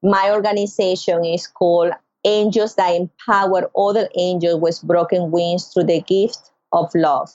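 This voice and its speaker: Unhurried yet with hardly any pauses, a middle-aged woman from Venezuela tells an emotional personal story as a podcast guest, her Venezuelan Spanish accent clear despite the muffled, echo-free audio. She acts out quoted voices expressively, jumping sharply in pitch.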